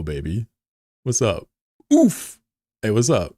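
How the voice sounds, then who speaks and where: Man, low voice, live streamer, blunt and profane, loud then muttering, dry close sound. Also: animated, a little fast, no room sound. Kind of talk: casual live-stream chat.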